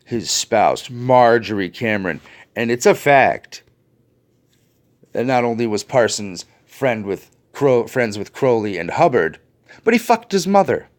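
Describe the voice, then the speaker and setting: An angry man rants to his viewers, swearing and sneering with heavy sarcasm. He talks at an unhurried, drawn-out pace. His pitch swings widely from low mutters to sharp, high jabs. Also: sing-song. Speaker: video host. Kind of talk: ranting commentary to viewers.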